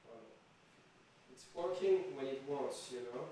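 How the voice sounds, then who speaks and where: A man's voice: mid-range voice, animated, takes it slowly, mellow. A man vlogging casually, chatting to himself and his viewers and chuckling often, in a small room. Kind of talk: casual self-filmed vlog. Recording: very echoey room, distant mic, faint hiss.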